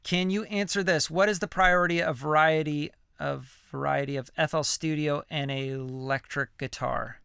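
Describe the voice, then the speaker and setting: A man with a bright, crisp, fairly high voice answers viewer questions in a loose, slangy way. He drops fillers and the odd swear word as he talks. The sound is dry and close, with almost no room around it. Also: steady tone, moderate pace, hardly any pauses, no room sound. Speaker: music producer mentoring viewers. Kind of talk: casual livestream Q&A.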